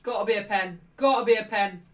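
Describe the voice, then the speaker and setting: A woman hosting a live football watchalong, chatting cheekily and shouting out at refereeing calls. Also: mid-range voice, fast talker, recorded from a distance. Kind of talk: live match watchalong commentary.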